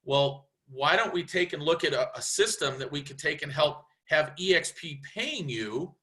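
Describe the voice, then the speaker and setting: Bright animated man coaching. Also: fairly high pitch, moderate pace. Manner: animated, acts out quoted dialogue. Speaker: real estate coach. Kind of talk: casual sales coaching talk.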